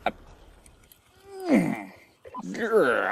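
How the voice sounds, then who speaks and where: A young man giving live commentary over his own online shooter match, swinging between quiet muttering and frustrated yelling. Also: mid-range voice, animated, moderate pace, slight background noise. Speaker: gameplay commentator.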